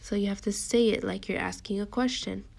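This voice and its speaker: A woman's voice: medium pitch, steady tone, brisk, gravelly, darkish tone. A woman teacher reading a picture book with a young child, patiently explaining each step.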